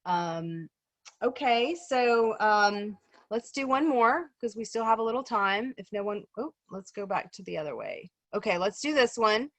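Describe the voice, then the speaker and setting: A woman with an expressive, fairly bright mid-range voice guides a relaxed video-call group discussion at an unhurried pace. She says um a lot and keeps checking "right?"; there's no room sound.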